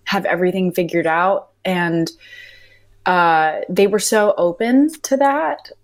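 A woman in her thirties with a slightly low voice tells audition stories in a relaxed interview. She talks in a chatty, meandering way, often restarting her sentences. Her laughter slips into the telling. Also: takes it slowly. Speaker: actress guest. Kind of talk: casual interview anecdotes.

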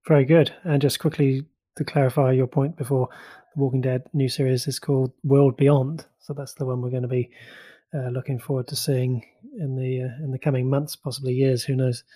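A man's voice: medium pitch, flat delivery, fairly quick, dark tone, no echo. A man co-hosting a podcast, reading pop-culture news in a chatty, rambling way with many fillers. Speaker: podcast co-host.

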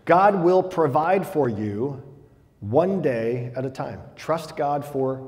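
A man's voice: mid-range voice, expressive, slow, big-room sound. A male pastor delivering a conversational, humorous sermon, reading Bible passages aloud between jokes.

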